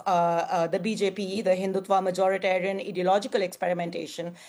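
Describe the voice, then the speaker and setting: A woman from India, a panel guest, speaking in a measured, analytical way with frequent fillers. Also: mid-range voice, darkish tone. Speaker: guest commentator. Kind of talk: panel discussion.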